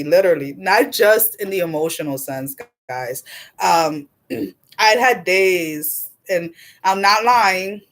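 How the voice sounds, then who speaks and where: A woman in her forties doing a casual livestream chat as an intuitive card reader, animated and blunt, laughing often and swearing casually. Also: mid-range voice. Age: 40s.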